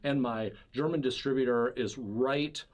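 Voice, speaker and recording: A man's voice: medium pitch, measured pace, highs cut off. A man from Wisconsin, a podcast guest, telling a self-mocking story in casual chat, swearing freely. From Wisconsin, USA.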